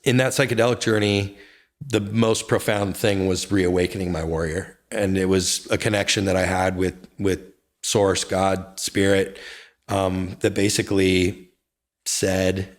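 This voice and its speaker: Intense, confessional man with a low voice. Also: unhurried. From United States. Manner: intense, confessional, swings into excited bursts. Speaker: guest, real estate brokerage founder. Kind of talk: candid interview conversation.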